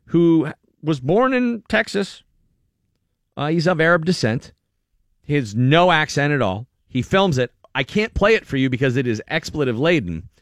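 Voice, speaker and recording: Animated wry man hosting morning radio. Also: fairly high pitch, moderate pace, dry recording, clean studio sound. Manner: animated, wry, breaks into mocking impressions. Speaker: morning radio show host. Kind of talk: casual radio banter. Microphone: studio microphone.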